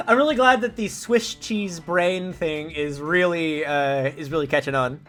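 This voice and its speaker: A man's voice: a little high, measured pace, a bit bright, faint music behind. A young man streaming a video game, chatting casually with his viewers in a rambling way with lots of fillers. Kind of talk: casual let's-play commentary.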